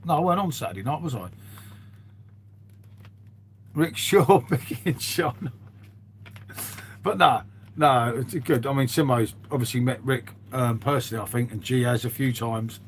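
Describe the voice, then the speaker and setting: A man of ordinary pitch chats away to his live viewers, wandering from topic to topic and calling everyone mate. A faint hum sits under his voice. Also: moderate pace, pauses often. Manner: rambling, calls everyone "mate". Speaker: livestream host. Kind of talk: casual chat with live viewers.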